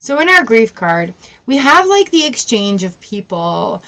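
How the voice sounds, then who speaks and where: A woman's voice: a little high, big pitch swings, a little slow, fairly bright tone. Chatty woman reading tarot cards. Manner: chatty, swearing, playful outbursts. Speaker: tarot reader.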